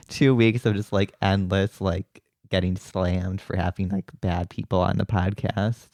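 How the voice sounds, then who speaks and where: A man co-hosting a podcast, laid-back and teasing with quick asides. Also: deep voice, creaky, a little mellow, no echo, studio quality. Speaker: podcast co-host. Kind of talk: casual podcast chat.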